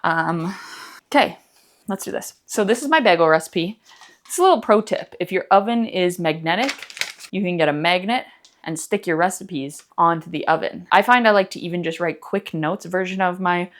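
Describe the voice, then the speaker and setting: A woman's voice: lowish voice, fairly quick. A woman vlogging casually in her home kitchen, goofy and rambling as she jokes through a recipe. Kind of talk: casual cooking vlog.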